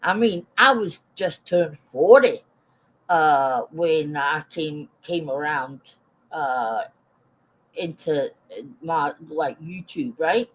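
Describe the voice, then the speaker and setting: A woman's voice: sits low, animated, slow, poor audio. A woman in her forties ranting casually on a live stream, swearing bluntly and greeting viewers in the chat between her points. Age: 40s.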